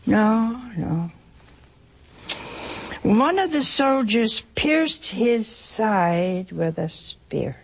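A woman preaching an emotional sermon, pausing dramatically and dropping at times to a whisper. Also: on the high side, big pitch swings, creaky, a little hiss or hum.

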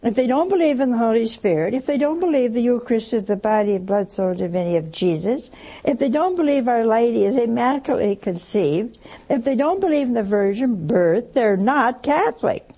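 An older nun teaches about the spirit in an easy, storytelling way, often turning to her listeners with a question. Her voice is husky and mellow, pitched a little high for a woman. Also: expressive, brisk. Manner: conversational, anecdotal, asks audience questions. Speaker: nun and mother superior teaching. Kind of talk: religious teaching talk.

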